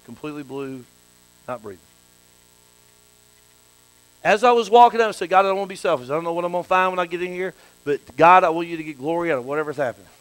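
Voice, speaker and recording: A man preaching a sermon as a bishop, dropping to hushed storytelling and rising to shouted praise. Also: a little high, animated, quick pace, pauses often, no echo, low-quality recording.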